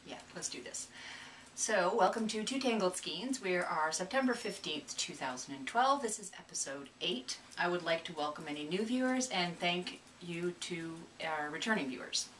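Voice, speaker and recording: A chatty, self-deprecating woman co-hosts a casual knitting podcast as she recovers from a cold. Her lowish voice is slightly bright, with lively intonation and a normal pace. It's captured on a distant mic with faint room noise in the background.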